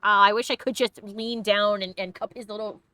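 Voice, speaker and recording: A woman's voice: medium pitch, steady tone, normal speed, pushed and bright, no room sound. A woman hosting a let's play, chatting casually and playfully about the game, often giggling and reading chat aloud. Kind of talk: casual gameplay commentary.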